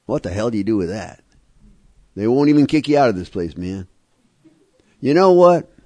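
A man's voice: medium pitch, big pitch swings, normal speed, warm tone. Emphatic man sharing at a meeting. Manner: emphatic, repetitive, wry storytelling. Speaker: speaker at a recovery meeting. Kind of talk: personal recovery talk to a live group.

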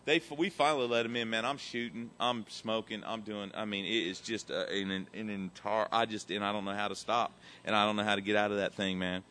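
A middle-aged man giving a profane, animated recovery testimony that swings between loud and quiet. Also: lowish voice, a little fast, hardly any pauses. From Texas. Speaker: recovery speaker.

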